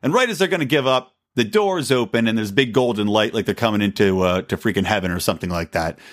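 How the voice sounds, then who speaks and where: A man hosting a solo political podcast, talking in a sarcastic, mocking, animated way. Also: on the low side, quick pace. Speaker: podcast host.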